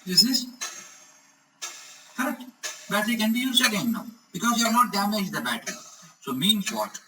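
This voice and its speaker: A man's voice: high voice, very animated, normal speed, far from the mic, poor audio. A man teaching an electronics lesson, explaining step by step and often checking with the class. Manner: repeats "correct?" to check understanding. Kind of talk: explanatory lecture.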